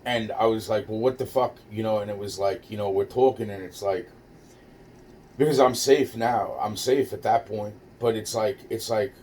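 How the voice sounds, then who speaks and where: A man's voice: on the low side, steady tone, moderate pace, darkish tone. A man casually telling a personal story, rambling and profane, with many restarts and fillers. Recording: distant mic with faint noise.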